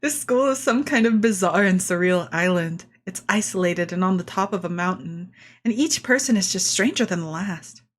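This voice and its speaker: A woman's voice: on the low side, expressive, moderate pace. Woman reading a wry teenage boy narrator. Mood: reflective.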